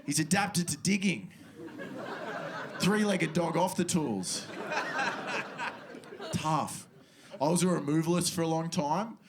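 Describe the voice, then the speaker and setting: Laid-back Australian stand-up comedian. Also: male voice, a little high, slow pace, long pauses, a crowd in the background. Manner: casual, laid-back, slangy delivery with muttered asides. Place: comedy club stage with a laughing audience. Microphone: handheld stage mic.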